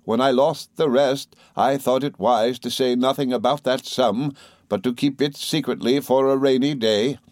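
A man reading aloud as an elderly aunt, speaking slowly and deliberately in a slightly raised voice. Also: mid-range voice, fairly even intonation, a little mellow, no echo, studio quality, close to an everyday voice. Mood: firm, composed. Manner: slow, deliberate, clipped. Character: stern composed elderly aunt, woman.

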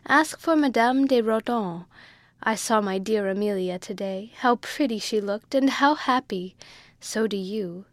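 Picture a wistful, scheming lady with a soft French lilt, coaxing and sorrowful by turns, as a woman reader puts her on. The voice sits mid-pitched and is recorded close and dry, with no room sound at all. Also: a little slow, no echo, close to an everyday voice. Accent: French-tinged English, put on. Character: sad scheming woman with a French-tinged accent.

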